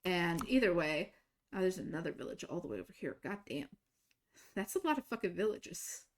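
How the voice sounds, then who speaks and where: A young woman streaming a game, casually telling a story, swinging between exasperated, swearing outbursts and quiet asides. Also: on the low side, big pitch swings, a little fast, a little hiss or hum. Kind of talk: casual storytelling while gaming.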